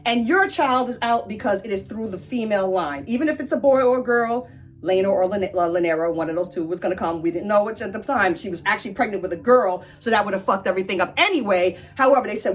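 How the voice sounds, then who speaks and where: A woman's voice: mid-range voice, quick pace. A woman hosting a casual explainer, chatty and irreverent, who swears now and then. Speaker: pop-culture explainer host.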